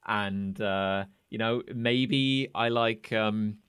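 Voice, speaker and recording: A man's voice: on the low side, drawn-out words, a bit bright, clean tone. A man playing a tabletop game, rambling through his actions with many fillers. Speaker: player. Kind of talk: tabletop role-play narration.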